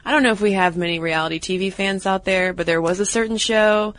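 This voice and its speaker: A woman's voice: mid-range voice, fast, dry recording. A woman co-hosting a podcast, chatting casually and telling stories with small hesitations. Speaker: podcast co-host. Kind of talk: casual chat.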